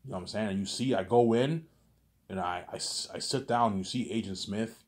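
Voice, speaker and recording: Low-voiced guy rambling thru a story, tons of repeats and stammers. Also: brisk. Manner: stammering repetitions, constant filler tags. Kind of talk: rambling casual storytelling monologue.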